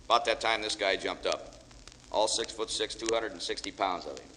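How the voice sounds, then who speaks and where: Male after-dinner speaker, fast folksy joke-teller, reverberant hall recording. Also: on the low side, pushed and bright. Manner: folksy storyteller, joking with audience. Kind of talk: humorous speech with jokes. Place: large banquet hall with audience. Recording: echoey hall, faint hiss.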